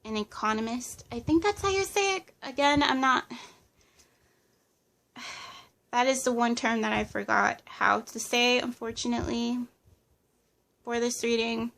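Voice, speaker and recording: A woman with a fairly high voice talks through a tarot reading. She lists impressions as they come, pausing and hedging with plenty of fillers. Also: gravelly, a bit bright. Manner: hesitant, channeling impressions, many fillers. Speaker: tarot reader. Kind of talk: casual pick-a-card reading.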